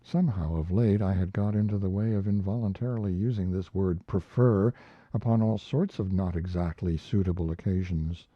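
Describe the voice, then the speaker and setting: A man reading a classic story aloud as audiobook narration, measured and expressive. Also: deep voice, no echo. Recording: dull lo-fi recording.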